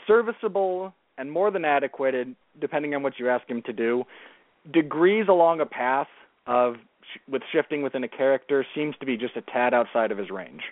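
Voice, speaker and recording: A man's voice: medium pitch, dry recording. Guy guesting on a movie podcast, mid voice, keeps correcting himself, phone-line sound. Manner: earnest, restarts and corrects himself. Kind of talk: casual film discussion. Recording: tinny phone-like line, dry.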